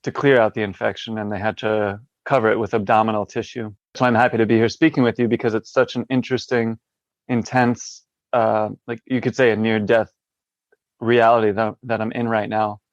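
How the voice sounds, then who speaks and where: A man with a lowish voice speaks as a podcast guest from a hospital room, reflective and hesitant with many fillers, though his delivery is flat and brisk. The interview audio is dull, with no room sound.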